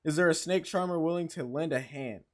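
A man giving casual let's-play commentary, excitable, swearing and reading game text aloud. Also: on the high side, fairly quick. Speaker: gaming channel host.

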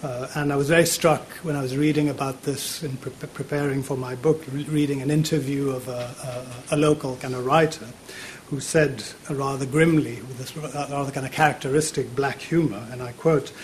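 A man in his fifties, a university politics lecturer, giving a public lecture in a lecture theatre, often pausing on fillers and repeating words. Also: medium pitch, steady tone, a little hiss or hum.

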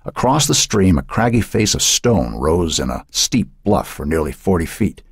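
A man narrating an audiobook with expressive storytelling. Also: deep voice, normal speed, husky, no echo, clean studio sound. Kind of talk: scripted narration.

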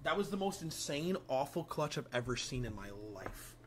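A young man streaming a shooter game, reacting loudly and swearing at the plays. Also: on the high side, normal speed, over loud music. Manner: excitable, swearing, yells and laughs at plays. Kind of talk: live game streaming commentary.

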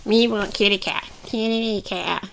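A mischievous little alien baby who talks in broken baby talk, as a woman puts him on. The voice sits lower than her own and comes out slow and a little gravelly. He is greedy and hungry. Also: steady tone.

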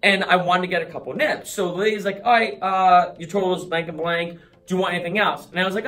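Chatty young man from Boston, higher voice. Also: fast talker, fairly bright tone. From Boston area. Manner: chatty, laughs often, acts out little scenes. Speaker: vlogger explaining slang. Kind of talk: casual explainer vlog.

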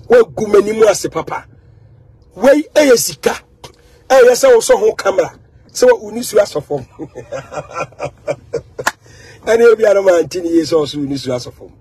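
Husky high-voiced Ghanaian man ranting. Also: darkish tone. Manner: emphatic and repetitive, mixing in English phrases. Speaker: social media commentator. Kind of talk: animated monologue.

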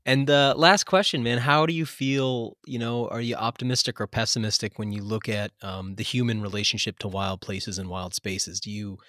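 A man hosts a podcast interview and asks curious questions, often with fillers. His voice sits low, and the sound is dry and close. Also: fairly even intonation, normal speed, few pauses, pushed and bright, no room sound. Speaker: podcast host.

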